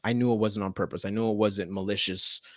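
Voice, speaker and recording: A man's voice: lowish voice, steady tone, fast, no room sound, clean studio sound. A man, a teacher, telling a story in casual chat, laughing often and acting out the people in it.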